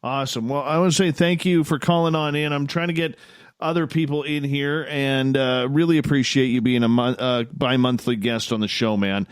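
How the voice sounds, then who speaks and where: A man's voice: mid-range voice, steady tone, moderate pace, smooth, no echo, clean studio sound. A man with a Canadian accent hosting a radio show, enthusiastic and playful with callers. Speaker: radio host. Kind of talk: casual radio talk.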